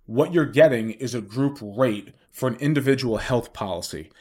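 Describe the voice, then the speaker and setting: A man's voice: mid-range voice, moderate pace, hardly any pauses. A man who hosts a podcast as a financial planner, explaining things in a solo monologue and putting rhetorical questions straight to his listeners.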